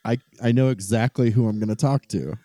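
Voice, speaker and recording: Mellow low-voiced man chatting. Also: brisk, dry recording. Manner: relaxed, laughs easily, reads from an article. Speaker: podcast co-host. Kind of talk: casual chat.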